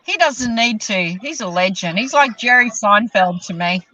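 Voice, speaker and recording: A woman's voice: a little high, animated, normal speed, sharp tone, a little hiss or hum, poor audio. Chatty enthusiastic woman podcast host. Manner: chatty, enthusiastic, laughs easily. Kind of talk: casual chat.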